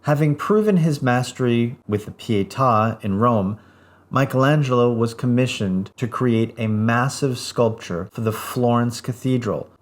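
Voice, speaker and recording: A man giving a scripted art history lecture in a measured, even delivery, pausing through lists. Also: mid-range voice.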